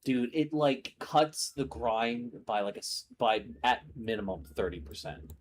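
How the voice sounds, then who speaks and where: Brief: young male streamer, lively pitch, casual swearing chatter, faint noise behind. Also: a little slow. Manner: animated, greets viewers, swears casually. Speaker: streamer host. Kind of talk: casual stream chat while gaming.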